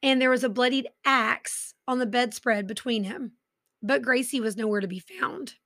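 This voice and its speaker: A woman hosts a true-crime podcast, telling the story casually. She drops in personal asides. Her voice is bright and crisp. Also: a little high, normal speed, no echo, studio quality. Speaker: podcast host.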